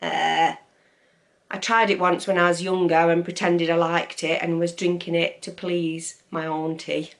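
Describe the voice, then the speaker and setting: A woman with an East Midlands English accent talks to her camera in a slow, unhurried way, her voice sitting a little low. She rambles casually, filling pauses with ums and opinionated asides. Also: level tone. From East Midlands, England. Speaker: vlogger.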